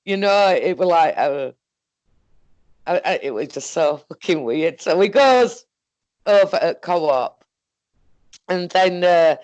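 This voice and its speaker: A woman with a Northern English accent telling a story in a casual, halting, rambling way, swearing often. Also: lowish voice, expressive, darkish tone, no echo, highs cut off. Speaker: guest recounting an experience.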